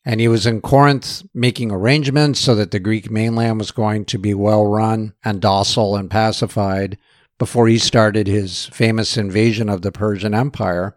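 Low-voiced man telling history. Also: dry recording, studio quality. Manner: relaxed storyteller. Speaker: lecturer. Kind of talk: storytelling lecture.

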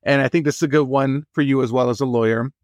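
A man's voice: medium pitch, steady tone, fast talker, dry recording, studio quality. Playful self-deprecating podcast host man. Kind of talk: casual comedic podcast chat.

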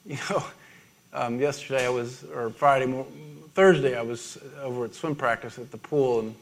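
A middle-aged man preaching a sermon, halting and self-deprecating, with many restarts and small laughs. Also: mid-range voice. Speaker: pastor.

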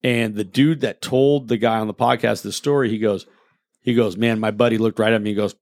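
A man's voice: fairly low pitch, fairly even intonation, fairly quick, darkish tone, no room sound. A man telling a crude story in casual chat, rambling and profane, often losing his train of thought.

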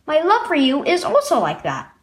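A woman voicing a gentle, loving father who speaks softly and reassuringly in a children's storybook reading. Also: sits high, wildly swooping pitch, normal speed, voice pushed up. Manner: soft, reassuring.

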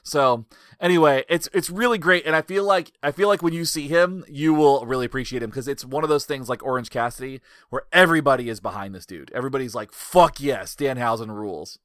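A man hosting a casual podcast chat, telling stories in an animated way and swearing freely. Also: medium pitch, fast talker, clean tone, no room sound, studio quality.

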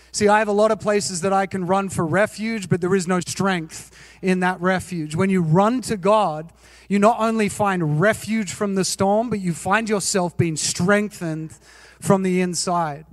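A man's voice: high voice, no room sound, in a large hall. A male pastor preaching a sermon, telling self-mocking personal stories and asking his listeners questions. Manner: animated, self-mocking, asks the audience questions.

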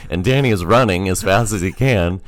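A man's voice: sits low, a little fast, no room sound, studio quality. A man telling a story in a casual podcast chat, laughing often as he goes. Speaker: podcast guest.

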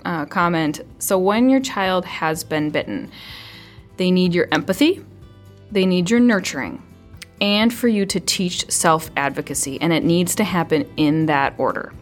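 Woman child-development specialist, fairly low voice. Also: measured pace, faint music behind. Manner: conversational, often softens into a hushed, soothing parent voice. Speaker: early childhood mental health specialist. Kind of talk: podcast interview, advice.

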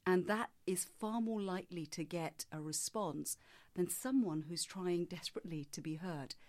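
A woman voice coach speaks in a measured, explanatory way, her voice sitting a little low for a woman. She answers questions at length and now and then demonstrates with her own voice. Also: darkish tone. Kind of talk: interview answers.

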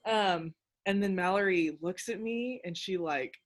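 A young woman hosting a casual chat, telling a story in an animated, excitable way with lots of filler words. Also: medium pitch, unhurried. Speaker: podcast host.

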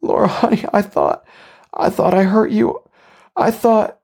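A man voicing a frightened young man who stammers and sobs his pleas in a high, strained voice. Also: a little slow, a little mellow. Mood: pleading sobbing. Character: frightened young man, pleading then panicked.

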